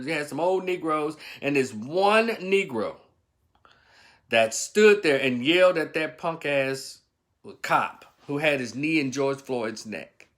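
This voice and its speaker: Blunt, scolding male vlogger with a high voice. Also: a bit bright. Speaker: opinion vlogger. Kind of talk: ranting commentary.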